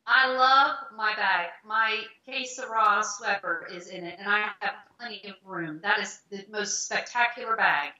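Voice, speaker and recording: A woman co-hosting a knitting podcast who tells stories in an animated way and acts out what people said. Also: mid-range voice, a little slow, hardly any pauses. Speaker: podcast co-host. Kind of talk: casual storytelling chat. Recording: echoey, dull lo-fi sound.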